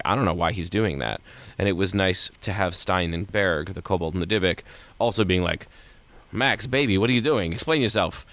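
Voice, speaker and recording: Author guest, male, very deep voice, lively and emphatic delivery. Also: clean tone. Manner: animated, emphatic pitch jumps. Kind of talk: casual podcast interview.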